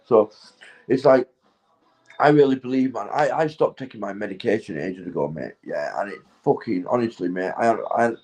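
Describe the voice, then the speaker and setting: A man's voice: fairly low pitch, normal speed, darkish tone, low-quality recording. Northern English man, 40s, intoxicated livestreamer; meandering monologue, laughs at his own thoughts, swears freely. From England. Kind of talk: rambling casual chat to viewers.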